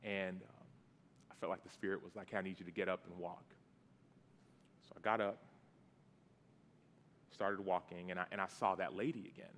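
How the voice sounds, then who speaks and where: A man's voice: sits low, steady tone, moderate pace, pauses often, a bit bright, big-room sound, slight background noise. A man in his thirties telling a personal story in a sermon, casual and conversational, with fillers and restarts. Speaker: guest preacher. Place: church sanctuary.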